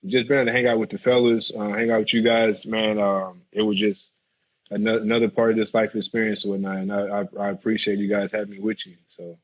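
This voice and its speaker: A man telling a story casually, animated and laughing, acting out the people in it. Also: on the low side, phone-quality sound. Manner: animated, laughs, acts out quotes. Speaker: guest, former football player.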